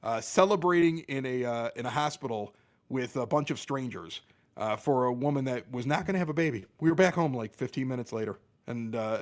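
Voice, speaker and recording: A middle-aged man telling a story as a podcast guest, animated and quick to act out what others said. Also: medium pitch. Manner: animated, exaggerated quoting of others. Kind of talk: casual storytelling.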